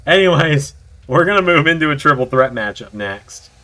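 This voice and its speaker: A man's voice: a little high, expressive, normal speed, sharp tone. A man with a sore throat doing announcer-style play-by-play commentary for a video game wrestling show. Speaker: commentator, channel host.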